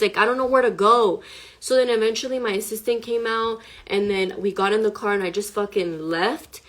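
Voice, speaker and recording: A young woman telling her own story to the camera, rushed and emotional, swearing and filling with "like". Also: medium pitch, fairly even intonation. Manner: rushed, profane, full of "like". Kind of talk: emotional personal account to camera.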